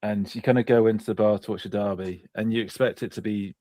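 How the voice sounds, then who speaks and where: Dry low-voiced man. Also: steady tone, fast talker, warm tone, no echo. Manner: dry, understated storytelling. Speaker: podcast co-host. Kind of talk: casual storytelling.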